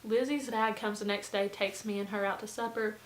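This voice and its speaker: A young woman, telling a storytime vlog in a chatty, animated way full of fillers. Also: mid-range voice, fairly quick, reverberant, a little hiss or hum, rough recording. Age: young adult. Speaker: vlogger.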